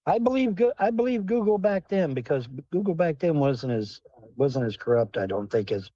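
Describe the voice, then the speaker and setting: A man's voice: fairly high pitch, lively intonation, moderate pace, dark tone, no echo. A man hosting a livestream, rambling and swearing as he answers questions from the chat while in a car. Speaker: livestream host. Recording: dull, dry lo-fi stream audio.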